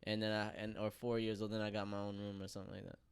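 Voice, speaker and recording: A young man with a smooth, clear voice talks as a podcast guest. His speech is relaxed and loose, full of "like" and "you know.". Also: fairly low pitch, quick pace. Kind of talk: casual chat.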